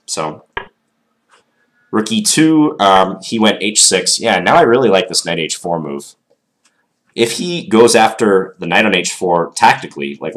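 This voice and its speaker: A man with a very low voice, congested from a cold, walks through a chess game in a loose, thinking-aloud way. He pauses often with ums and second-guesses his own lines. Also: a bit bright. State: stuffed up from a cold. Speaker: chess commentator. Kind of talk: casual game analysis.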